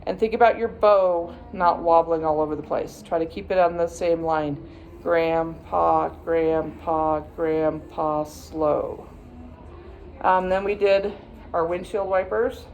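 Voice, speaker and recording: A woman's voice: fairly low pitch, moderate pace, few pauses, a little mellow, lo-fi sound, soft background music. A woman viola teacher patiently walking students through practice steps, sometimes chanting rhythm words. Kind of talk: instructional practice walkthrough.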